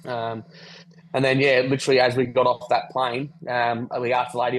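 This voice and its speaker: A man's voice: mid-range voice, completely flat delivery, a little fast, low-quality recording. A man telling a rambling travel story on a podcast call, swearing casually. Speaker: podcast guest. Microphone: video call.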